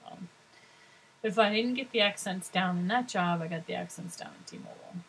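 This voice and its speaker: A middle-aged woman talks casually to her viewers. She rambles and chats freely and laughs often, in a somewhat low voice. A faint hum of room ambience sits behind her. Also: moderate pace, vocal fry, fairly bright tone, poor audio. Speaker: vlogger.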